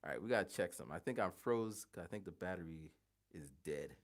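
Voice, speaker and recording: A man in his forties chatting casually on a livestream, rambling and halting, thinking aloud with many restarts. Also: sits low, expressive. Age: 40s.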